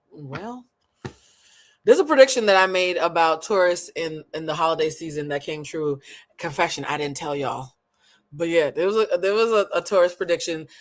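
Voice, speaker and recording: Playful, blunt woman reading tarot live. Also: low voice. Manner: animated, playful and blunt, laughs often; casual slang-heavy chat with viewers. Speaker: tarot reader.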